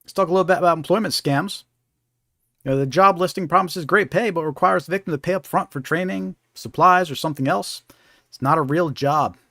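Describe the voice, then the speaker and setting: A man hosting a live scam awareness stream, with a slightly high voice. He talks conversationally and keeps checking in with the listener. The sound is dry and close. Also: brisk, fairly bright tone, no room sound. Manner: conversational, keeps asking "right?". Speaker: host.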